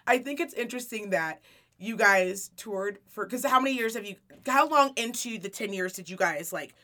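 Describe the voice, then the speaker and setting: A woman's voice: medium pitch, moderate pace, pushed and bright. A woman hosting a podcast, telling stories in casual chat, swearing freely and laughing often. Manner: profane, laughing storyteller. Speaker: podcast host.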